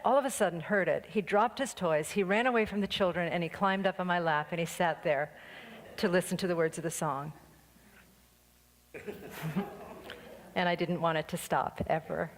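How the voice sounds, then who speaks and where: A woman minister giving a conversational sermon, full of anecdotes and light laughter, in a church sanctuary. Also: fairly low pitch. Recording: long reverb of a church hall.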